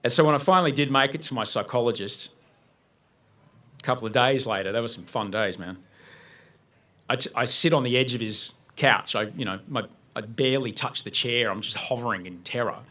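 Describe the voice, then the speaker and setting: A man's voice: medium pitch, brisk, pushed and bright. A man speaking to an audience, telling a personal story vividly and acting out his own panic. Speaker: guest speaker. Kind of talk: personal story told on stage.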